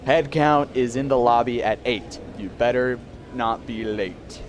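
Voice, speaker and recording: A man voicing a gruff, stern prison captain who barks slow, commanding orders in a video game. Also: medium pitch, slight background noise, natural voice. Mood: barking orders. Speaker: game character.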